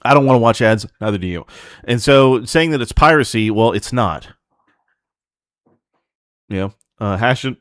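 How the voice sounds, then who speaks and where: A man's voice: lowish voice, clean tone, no echo, studio quality. A man hosting a livestream, talking casually in a blunt, profane, ranting way to his chat. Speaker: streamer host.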